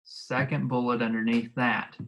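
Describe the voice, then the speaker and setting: A man teaching a recorded video lesson, talking casually and repeating instructions slowly so students can write them down. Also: medium pitch, flat delivery, fairly bright tone, rough recording.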